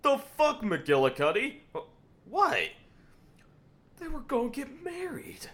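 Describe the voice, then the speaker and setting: Squeaky excitable dopey cop guy, a streamer doing the voice, jumps way up high. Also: takes it slowly, heavily acted. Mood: baffled. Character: goofy overeager male cop, self-declared pastor.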